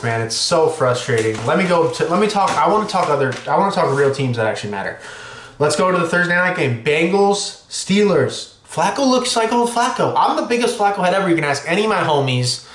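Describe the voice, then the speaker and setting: A man hosting a sports podcast, ranting excitably and cursing freely. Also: on the high side, normal speed, reverberant, slight background noise. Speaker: podcast host.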